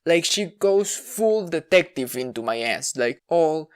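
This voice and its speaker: A woman's voice: low-pitched, lively intonation, a little slow, few pauses, clean tone. A woman vlogger telling a personal story to camera in a candid, wry, self-deprecating way, often restarting her words.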